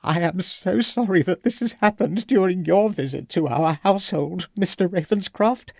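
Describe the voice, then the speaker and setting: A man doing a soft, high Victorian widow. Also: moderate pace, vocal fry, no echo, clean studio sound. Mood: distressed. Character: distressed genteel Victorian widow hostess.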